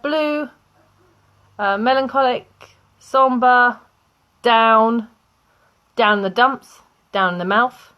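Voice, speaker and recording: A young woman with a British accent teaching English vocabulary online, explaining slowly with examples and small laughs. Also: mid-range voice, a bit bright.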